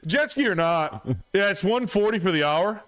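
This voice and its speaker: A man's voice: high voice, animated, normal speed, a bit bright, clear, resonant tone, voice pushed up. A man voicing a spacey, laid-back young male jet-ski renter who drawls and loses track of what he is saying. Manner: drawling, airheaded, distracted.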